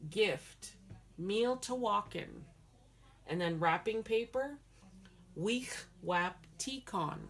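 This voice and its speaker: A woman's voice: medium pitch, lively intonation, takes it slowly, a bit bright, a little hiss or hum. A woman teaching a language lesson, patiently repeating words syllable by syllable. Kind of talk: slow spoken language lesson.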